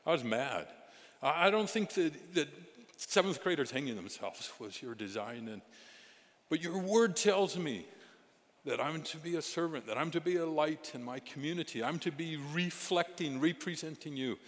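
A middle-aged male pastor telling stories in a sermon, animated, moving from loud exclamations to hushed asides. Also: a little high, normal speed. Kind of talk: storytelling sermon. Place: church sanctuary. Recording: reverberant hall sound.

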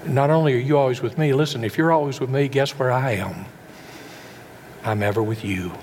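This preacher moves fairly quickly, his mid-pitched voice a little mellow and ringing through a big hall with lengthy reverb and a faint hum underneath. Rhetorical questions fill his sermon, along with stumbling repeats where he restarts words partway through.

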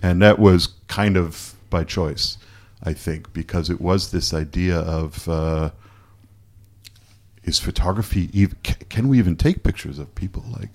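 A man from Canada being interviewed, talking candidly and haltingly, restarting his sentences as he questions himself. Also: sits low, a little mellow. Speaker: photographer guest. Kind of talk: casual interview conversation.

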